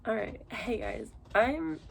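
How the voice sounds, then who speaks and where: A woman's voice: fairly high pitch, wildly swooping pitch, takes it slowly, vocal fry. A woman in her twenties chatting casually in a book vlog, rambling with lots of fillers. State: tired, yawning. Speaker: book vlogger.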